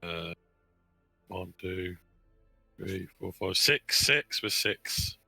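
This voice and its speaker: Gravelly, bright-voiced player. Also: male voice, sits low, expressive, no echo, soft background music. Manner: jokey, loud, quick to jump in. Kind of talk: casual tabletop banter.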